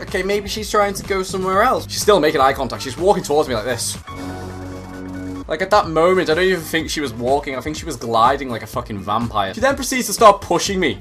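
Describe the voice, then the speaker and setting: A young British man in his twenties, telling a story to camera in a casual, profane, comedic way. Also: a little high. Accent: British English. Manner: profane, animated, comedic exaggeration. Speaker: YouTuber.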